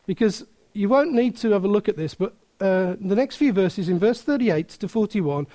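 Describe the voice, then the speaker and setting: A man preaching a sermon, telling a story with many restarts and laughter, then turning quieter and earnest. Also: sits high, animated, normal speed. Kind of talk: sermon with anecdote.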